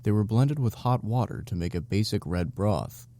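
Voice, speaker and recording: A man narrating an audiobook in a steady, even storytelling voice. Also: lowish voice, normal speed, no echo.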